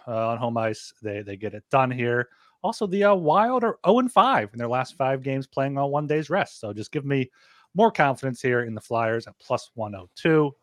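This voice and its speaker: A man's voice: medium pitch, dry recording, studio quality. A man co-hosting a sports betting podcast, talking casually and often repeating words as he starts. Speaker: podcast co-host.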